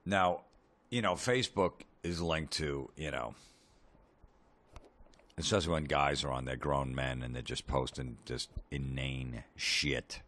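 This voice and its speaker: A man hosting a comedy podcast, ranting sarcastically with lots of swearing and deadpan asides. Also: a bass voice, a little slow.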